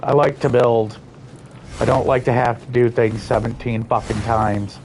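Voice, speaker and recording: A man's voice: mid-range voice, level tone, normal speed, darkish tone, a little hiss or hum. A man streaming a building game live, muttering his frustration at it and swearing often. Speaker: livestreamer. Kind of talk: live gameplay commentary.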